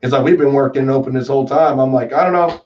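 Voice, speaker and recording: A man from Texas in casual chat as a guest, telling rambling, animated stories with lots of fillers. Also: mid-range voice, quick pace. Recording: distant, dull lo-fi call audio.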